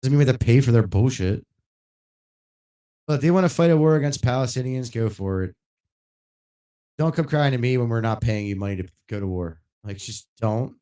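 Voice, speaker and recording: A man ranting casually and bluntly while streaming a game, swearing often and getting louder when worked up. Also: medium pitch. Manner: blunt and profane, rising loud when worked up. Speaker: gaming livestreamer.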